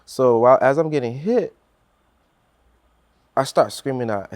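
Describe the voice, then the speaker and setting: A man's voice: medium pitch, animated, a little slow, darkish tone, no room sound. A man telling a personal story on a podcast in earnest, acting out what others said, with many restarts.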